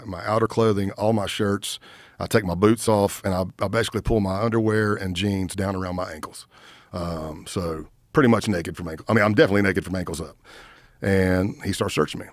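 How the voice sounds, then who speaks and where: A middle-aged man with a fairly low voice tells a war story in casual conversation. He acts out the quotes of the people he met as he goes. The sound is close and dry, with no room around it. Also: brisk, no room sound. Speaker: guest, retired FBI agent. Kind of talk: casual storytelling in podcast interview.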